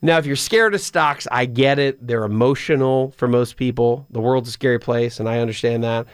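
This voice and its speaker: Smooth and medium-pitched at a normal speed, this man's voice is recorded dry with studio quality on a studio microphone in a radio studio. He's hosting a finance call-in program, explaining money matters casually and restarting sentences often.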